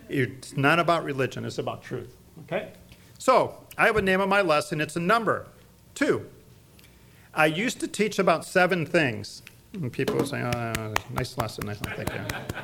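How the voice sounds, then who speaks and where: Middle-aged male evangelism teacher, slightly higher voice, emphatic, quizzes the room. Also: fairly bright tone. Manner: emphatic, quizzes audience with fill-in-the-blank questions. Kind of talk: church teaching talk.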